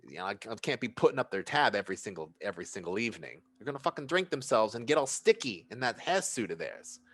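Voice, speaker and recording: A man's voice: fairly low pitch, sing-song, fast talker, fairly bright tone, husky, voice pushed up, full character voice. A man voicing a tiny, mousy male denizen who is impatient, brash and swears a lot. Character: mousy tiny male denizen, harried, foul-mouthed boss.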